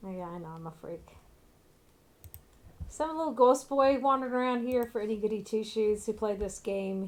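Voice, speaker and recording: Woman streamer, chatty and blunt, middle pitch, casual game commentary. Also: moderate pace, darkish tone.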